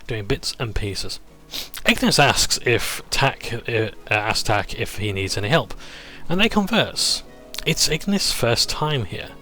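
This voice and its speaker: A man's voice: mid-range voice, animated, slow pace, bright, forceful tone, soft background music. A man casually recapping a tabletop campaign session, rambling and chuckling as he goes. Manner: rambling, chuckling, self-interrupting.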